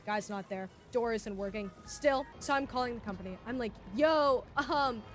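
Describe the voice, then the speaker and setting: A woman in her twenties telling a casual story on stream, animated and full of fillers. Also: medium pitch, a little fast, soft background music. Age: 20s. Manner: animated, filler-heavy, laughs often.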